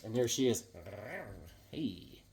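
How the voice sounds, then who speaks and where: A man's voice: medium pitch, expressive, unhurried, a bit bright, a little hiss or hum. A man casually showing his comic books, rambling and joking with many restarts and silly asides. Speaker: comic book vlogger. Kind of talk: casual show-and-tell chat.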